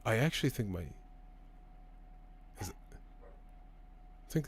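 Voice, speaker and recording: A man's voice: lowish voice, slow, a little hiss or hum. A young man casually reading live chat comments on his stream, rambling and swearing as he rants. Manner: profane, rambling, animated ranting.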